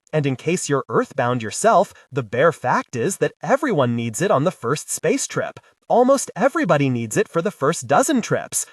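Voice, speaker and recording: A man narrating a hardboiled sci-fi audiobook in the first person, wisecracking and expressive. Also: fairly high pitch, breathy edge, no room sound, studio quality.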